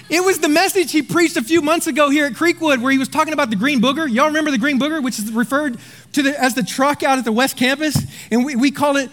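A man preaching a sermon as pastor, telling a story with animated energy and then dropping into quiet, earnest appeals. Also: extremely high pitch, quick pace.

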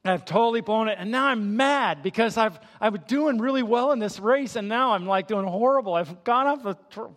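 Older male pastor, high-voiced, sermon with a story, reverberant sanctuary. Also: fairly quick, few pauses. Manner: storytelling, animated in the story, soft and hushed in prayer. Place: church sanctuary.

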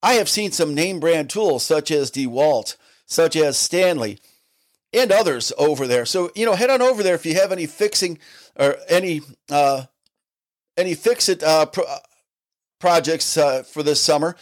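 A man's voice: a little high, animated, moderate pace. A middle-aged man hosting a small local podcast, talking in a folksy, rambling way and reading sponsor plugs like casual chat. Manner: folksy and rambling, leaning on "you know"; reads sponsor plugs in a chatty way. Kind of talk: casual solo podcast talk.

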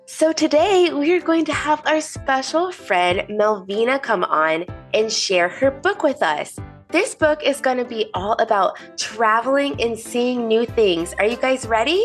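Bubbly kids show host lady, high voice, soft music behind. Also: expressive, unhurried. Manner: bubbly, quizzing children. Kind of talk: upbeat kids' show hosting.

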